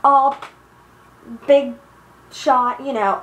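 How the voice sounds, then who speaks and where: Teen girl, high-pitched, swearing and exasperated, recorded in an echoey room. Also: expressive, moderate pace, fairly bright tone. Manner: profane, exasperated, rambling. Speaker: vlogger. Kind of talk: angry personal rant. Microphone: iPod built-in mic.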